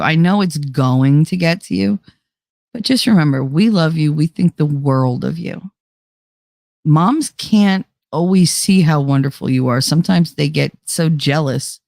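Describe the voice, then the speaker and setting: A middle-aged woman with a low-pitched voice hosts a loose livestream, chatting straight to her viewers and reading out their comments. She laughs often and swears without a second thought. Her voice is close and dry, with no room sound around it. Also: creaky, a little mellow, no room sound. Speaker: livestream host.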